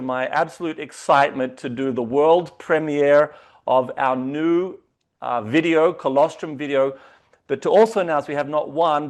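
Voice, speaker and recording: A man hosting a company video call, hyping the guest with excitable introductions. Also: fairly high pitch. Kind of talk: enthusiastic online meeting hosting.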